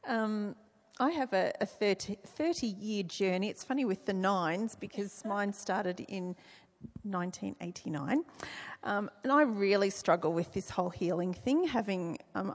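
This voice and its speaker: A woman's voice: mid-range voice, vocal fry, big-room sound. A middle-aged woman giving a personal faith testimony, speaking earnestly and reflectively with frequent hesitations.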